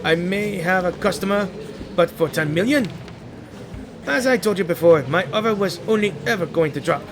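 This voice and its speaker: A man voicing a scheming old male pawnbroker in a game story, smooth and wheedling with a faint French flourish. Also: high-pitched, expressive, normal speed, noisy background, pitched above the performer's own voice. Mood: smug.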